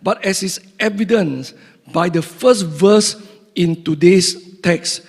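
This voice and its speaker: A man preaching in a church sanctuary, his somewhat high voice husky and a little breathy. He reads scripture slowly and deliberately, then explains it with frequent fillers. The sound rings out with the long reverb of a big hall. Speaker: pastor. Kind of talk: sermon with scripture reading.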